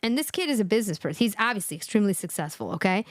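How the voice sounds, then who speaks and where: A woman's voice: mid-range voice, racing, few pauses, no echo, clean studio sound. A woman hosting a live reaction stream, scolding and talking straight to her viewers. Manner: animated, scolding, talks to viewers. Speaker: livestream host. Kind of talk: reaction commentary to a chat.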